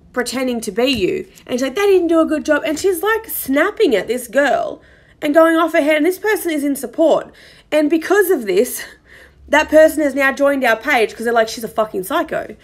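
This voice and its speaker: A woman's voice: fairly high pitch, vocal fry. A young woman hosting a podcast, commenting in a chatty, exasperated way with many fillers. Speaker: podcast host. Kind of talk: casual commentary monologue.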